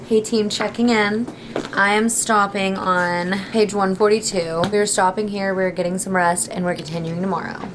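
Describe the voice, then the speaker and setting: A woman's voice: mid-range voice, fairly even intonation, normal speed, noisy background. A young woman talking casually in her reading vlog, gushing and emotional about a book, with many "like"s. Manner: gushing and emotional, says "like" often. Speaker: book vlogger.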